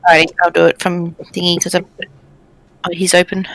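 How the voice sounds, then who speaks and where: A woman's voice: lowish voice, completely flat delivery, fairly quick, low-quality recording. A woman playing a tabletop game, thinking aloud with ums and explaining rules to the table. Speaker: player.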